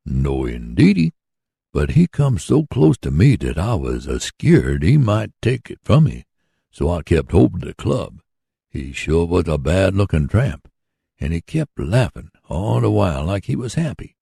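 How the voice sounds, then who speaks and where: A man's voice: sits low, big pitch swings, measured pace, vocal fry, warm tone, husky, no room sound, clean studio sound, full character voice. A man reading as a folksy old sawmill worker. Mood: earnest. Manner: folksy, earnest, rambling. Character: hard-working older man running a mule sawmill.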